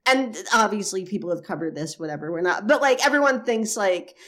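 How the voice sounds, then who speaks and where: A woman's voice: medium pitch, expressive, fast talker, a bit bright. A woman co-hosting a podcast in casual chat, rambling and sarcastic, and she swears freely. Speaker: podcast co-host.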